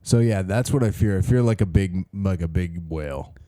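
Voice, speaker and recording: A man's voice: low voice, normal speed, mellow, no room sound. A man co-hosting a casual comedy podcast, rambling playfully through silly stories. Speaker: podcast co-host and stand-up comedian.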